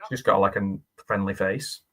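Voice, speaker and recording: A man's voice: lowish voice, steady tone, normal speed, a crowd in the background. A man giving a casual, jokey film commentary as host, chatting and laughing at the film.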